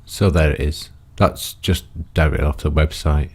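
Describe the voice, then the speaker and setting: A man's voice: extremely low pitch, normal speed, a little mellow, husky. An older man giving rambling, chatty commentary on his own gameplay, full of tag questions and self-mocking asides. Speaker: gaming YouTuber.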